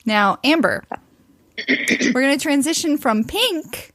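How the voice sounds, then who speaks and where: A woman's voice: high voice, lively intonation, slow pace, fairly bright tone, no echo. A woman hosting a podcast who asks questions and steers the chat from one topic to the next. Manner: prompting, leads the conversation between topics. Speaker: podcast host. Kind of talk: casual chat.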